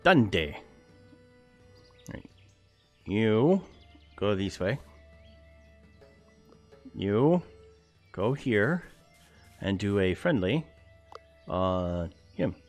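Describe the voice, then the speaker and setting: A man with a fairly low voice plays a strategy game and talks over it in an easygoing, chatty way. He reads the on-screen text aloud, then muses through his choices with jokey asides. Quiet game music runs underneath. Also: very animated, very slow, pauses often. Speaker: let's play gamer. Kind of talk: casual gameplay commentary, reading game text aloud.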